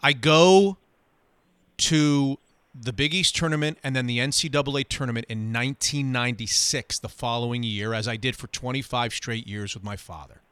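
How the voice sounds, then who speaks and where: Bright-voiced male sports radio host. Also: medium pitch, clean tone, no echo. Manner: animated, quick anecdote telling.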